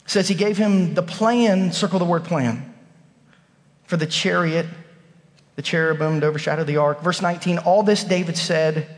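Pastor, man, 30s, high voice, animated storyteller, church sermon with long hall echo. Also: normal speed. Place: church sanctuary.

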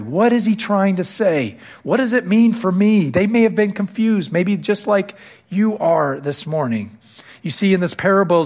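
A male pastor delivering a sermon to his church, repeating key phrases and lifting his voice to stress them. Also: high-pitched. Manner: preaching with rising emphasis on key phrases.

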